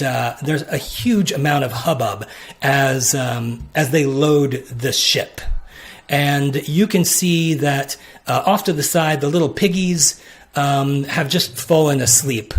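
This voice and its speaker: Slow, gravelly-voiced man running a game. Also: medium pitch. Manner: halting, with many restarts. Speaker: game master. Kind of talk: narrating a tabletop game.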